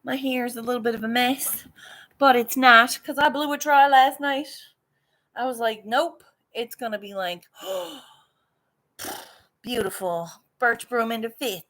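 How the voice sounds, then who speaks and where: Slow, chatty woman on a home livestream. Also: high voice, fairly bright tone. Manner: chatty, greets viewers, drifts into tangents. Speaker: livestream vlogger. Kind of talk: casual live chat.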